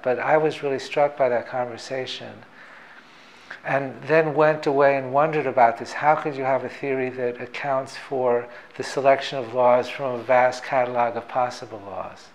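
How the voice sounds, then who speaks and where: A man, a theoretical physicist, explaining ideas in a thoughtful, measured, professorial way. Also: mid-range voice, a little hiss or hum, poor audio. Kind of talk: reflective explanatory talk.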